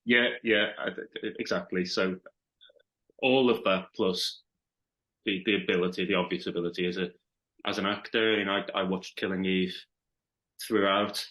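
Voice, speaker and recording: Man, Liverpool accent, low voice, podcast guest, casual rambling chat. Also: steady tone, moderate pace, pauses often, fairly bright tone. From Liverpool, England. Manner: thoughtful, rambling with restarts.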